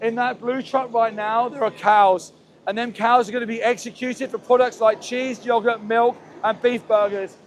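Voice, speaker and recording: A man with a strikingly high voice speaks urgently and emotionally on an outdoor livestream, repeating his pleas again and again. Faint traffic and ambience hum behind him as he talks into a handheld phone. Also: fairly even intonation, moderate pace. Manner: pleading, repetitive, emotional. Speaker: activist livestream host. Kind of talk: impassioned live street commentary. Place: outdoors near a slaughterhouse.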